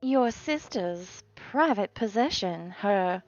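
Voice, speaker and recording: A woman's voice: medium pitch, lively intonation, slow, darkish tone, no echo, faint music behind. A woman voicing a poised, scheming noblewoman who speaks formally and politely in a tabletop game. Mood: courtly. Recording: slightly dull, dry sound.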